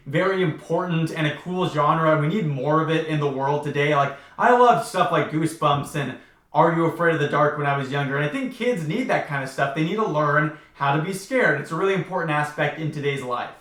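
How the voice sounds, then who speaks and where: A chatty young man in his twenties talks through a book in a loose, wry way, filling his sentences with "like." His voice sits a bit high for a man, and the room around him sounds echoey. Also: fairly quick, fairly bright tone. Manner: chatty, heavy use of 'like', wry. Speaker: book commentary youtuber. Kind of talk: casual commentary.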